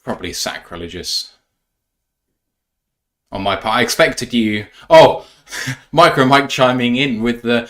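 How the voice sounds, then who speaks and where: A man's voice: mid-range voice, very animated, slow, long pauses, a bit bright. A young British man co-hosting a casual podcast, giddy and laughing often. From England. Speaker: podcast co-host. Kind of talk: casual chat.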